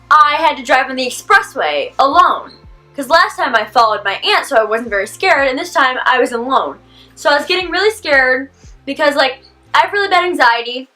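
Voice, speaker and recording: Teen girl vlogging a storytime, high bright voice, says like a lot, faint music under it. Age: teens. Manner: animated, rambling, heavy use of "like". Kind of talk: casual storytime vlog.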